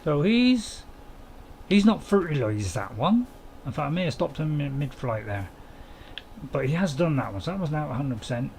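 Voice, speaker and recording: A man's voice: on the high side, very animated, normal speed, vocal fry, noisy background. A man, casually commenting on a farming game while streaming and chatting to viewers in a rambling, self-mocking way.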